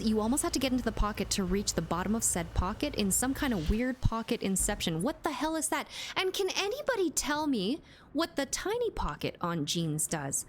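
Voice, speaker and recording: Lively, high-voiced woman streamer. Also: normal speed, slight background noise. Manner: chatty, reads and answers chat, playful. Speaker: livestreamer. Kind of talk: casual live-stream chat while gaming. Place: home room with door closed. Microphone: streaming mic with compressor.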